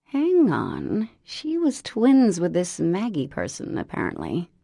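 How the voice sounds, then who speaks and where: A woman narrating an audiobook in an expressive, unhurried storytelling manner. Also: fairly low pitch, creaky, no room sound, clean studio sound. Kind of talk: scripted narration.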